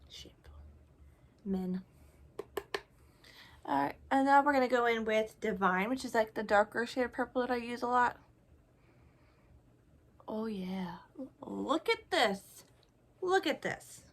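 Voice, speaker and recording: A woman's voice: on the high side, unhurried, long pauses. A young woman chatting casually while she tests makeup, joking about herself as she works. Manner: chatty, self-deprecating, talks while applying makeup. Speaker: beauty vlogger. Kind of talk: casual makeup tutorial chat.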